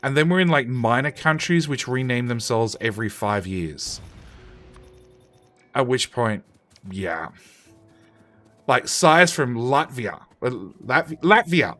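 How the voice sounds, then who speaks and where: A male streamer in the middle of a casual live broadcast, talking to chat at an ordinary pitch. He rambles, restarts his sentences and trails off, mixing self-mocking jokes with offhand profanity. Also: sing-song, slow pace, long pauses, pushed and bright, soft background music.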